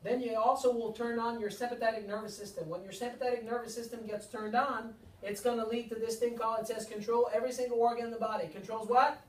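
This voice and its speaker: A man's voice: very high-pitched, fairly even intonation, a little fast, hardly any pauses. A man, a chiropractor, giving a seminar to a live audience, speaking emphatically with repeated lines and rhetorical questions. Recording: echoey room, mic far off.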